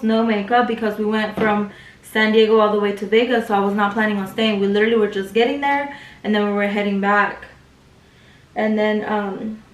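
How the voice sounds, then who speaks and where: A young woman vlogger telling a story while doing her makeup, chatty, swearing freely and saying "like" all the time. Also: medium pitch. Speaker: beauty vlogger. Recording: roomy sound, mic at a distance.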